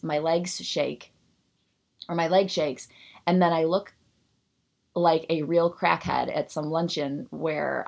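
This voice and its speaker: A woman in her thirties talks alone on her podcast in a lowish voice. She rants with biting sarcasm and a lot of push, then settles into reading a passage aloud. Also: creaky. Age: 30s. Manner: ranting, sarcastic, animated. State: out of breath. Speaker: podcast host. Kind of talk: solo podcast monologue.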